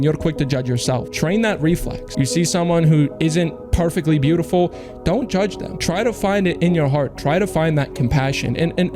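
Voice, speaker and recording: A young man with a slightly high voice pours out a rambling, profane pep talk about belief and willpower. He talks with restless intensity, as if he were preaching. Music plays clearly underneath. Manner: intense, rapid, profane, self-help preaching with mocking put-on quotes. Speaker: streamer opening cases. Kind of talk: rambling motivational monologue.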